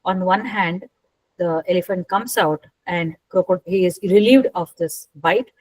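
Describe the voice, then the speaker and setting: A woman retelling a scripture story as a talk, unhurried and asking her listeners rhetorical questions. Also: fairly low pitch, a little mellow, dry recording, low-quality recording.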